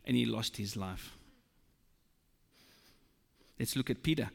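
A man preaching a sermon, slow and emphatic, quoting scripture. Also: mid-range voice, gravelly, breathy edge. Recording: long reverb of a large hall.

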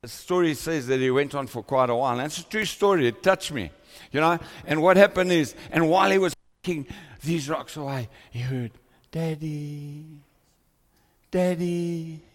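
Male pastor, fervent sermon, higher voice, hall reverb, mic. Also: fairly quick. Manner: fervent preaching, rising to impassioned cries. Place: church hall with congregation. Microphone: microphone on a stand.

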